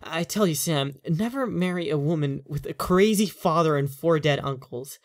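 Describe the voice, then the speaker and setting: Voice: medium pitch, moderate pace, no room sound, pitched above the performer's own voice, close to an everyday voice. Brief: reader doing a stressed, venting man in his thirties, weary rambling delivery, dry close recording. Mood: agitated. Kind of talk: horror story reading.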